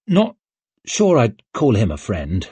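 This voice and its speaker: A man's voice: fairly low pitch, very animated, measured pace, darkish tone, husky, dry recording, full character voice. A man voicing a brash young male lord and war hero, blunt and boastful.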